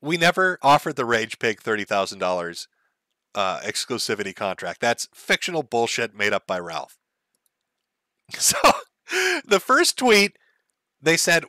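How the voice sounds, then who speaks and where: Bright, sarcastic male streamer. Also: mid-range voice, normal speed, dry recording. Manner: mocking, deadpan sarcasm with laughs. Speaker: streamer host.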